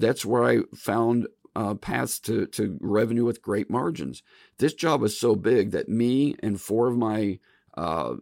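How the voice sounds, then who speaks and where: Gravelly low-voiced man, folksy podcaster. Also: a little mellow, no room sound, studio quality. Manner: folksy, talks straight to listeners as "folks". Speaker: podcast host. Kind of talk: casual storytelling monologue.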